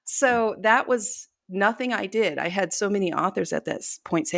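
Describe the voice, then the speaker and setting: A woman's voice: mid-range voice, lively intonation, moderate pace, creaky, few pauses, a bit bright, no echo, studio quality. A middle-aged woman author telling stories in a casual interview, chatty and self-deprecating, laughing often. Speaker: author guest.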